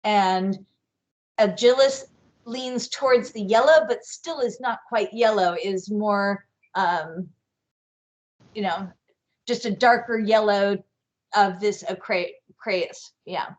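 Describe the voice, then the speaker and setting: A woman teaching bee identification on a video call, explaining slowly and carefully with frequent fillers. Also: medium pitch. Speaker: guest bee expert. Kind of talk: live online workshop teaching.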